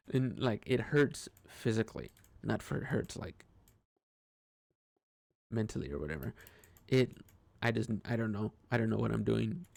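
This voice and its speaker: A man's voice: mid-range voice, vocal fry, darkish tone, no echo. A man talking through a casual personal monologue, hesitant and rambling, with frequent restarts and swearing. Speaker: vlogger.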